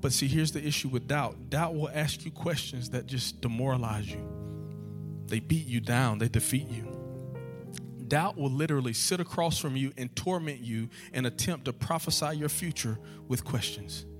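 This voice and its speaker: A man preaching a sermon, asking rhetorical questions again and again and building to loud, repeated calls. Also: mid-range voice, moderate pace, over music. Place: church sanctuary.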